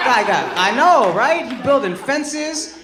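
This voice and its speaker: A man doing stand-up crowd work, loud and profane, breaking into shouts. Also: very high voice, expressive, takes it slowly, heavy background noise. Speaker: stand-up comedian. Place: live comedy venue with audience. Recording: roomy live venue with loud crowd.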